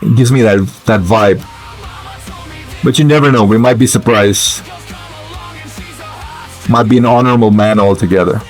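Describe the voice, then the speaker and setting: A man's voice: lowish voice, moderate pace, pauses often, soft background music. Musing male gamer with lots of fillers. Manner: hesitant, musing, many fillers. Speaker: gamer commentator. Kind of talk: casual gameplay commentary.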